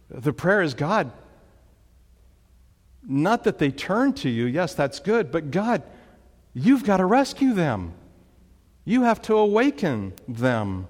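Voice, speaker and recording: A man's voice: a little high, long reverb tail. A man preaching a sermon, emphatic, with dramatic rises when he quotes commands. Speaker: pastor.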